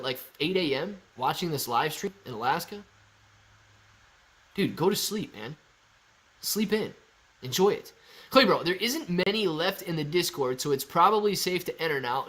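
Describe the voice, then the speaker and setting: A man's voice: on the high side, a bit bright. A young man hosting a casual live stream, reading chat aloud and answering viewers in a loose, jokey way. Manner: laid-back, jokey, calls viewers dude and man. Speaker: livestream host reading chat. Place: storage-style room at home. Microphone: phone used as camera.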